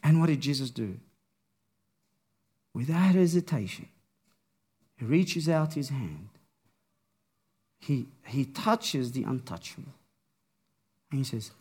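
A man preaching a sermon, with a slow, dramatic delivery that swings from hushed to raised. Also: high voice.

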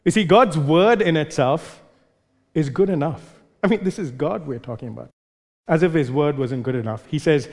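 A male pastor preaching in a sermon, pressing each point by repeating his words. His voice sits a little on the high side for a man, and it rings out with the long reverb of a large hall. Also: animated, moderate pace. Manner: emphatic, repeats words for stress.

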